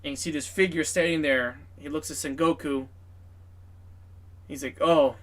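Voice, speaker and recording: A man's voice: fairly high pitch, steady tone, normal speed, fairly bright tone. A man narrating a tabletop game as game master, in a casual, filler-heavy, profane way.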